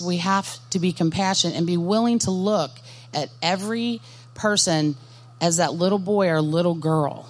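Earnest woman giving a ministry talk. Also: on the low side. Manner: earnest, direct, asks the audience questions. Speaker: workshop speaker. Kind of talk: Christian ministry workshop talk. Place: conference workshop session.

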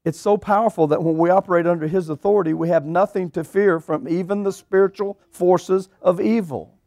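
Folksy preacher, fairly high voice. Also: male voice, fairly quick, no room sound. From eastern Oklahoma. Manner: animated, drawls folksy phrases, rhetorical questions to the congregation. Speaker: pastor. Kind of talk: sermon storytelling.

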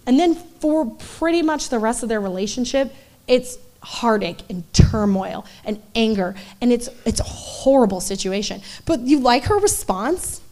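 A woman in her forties giving a conversational sermon to a church group, animated and acting out voices in asides. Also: on the high side, normal speed. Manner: animated, acts out quoted voices, loose asides. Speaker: church speaker.

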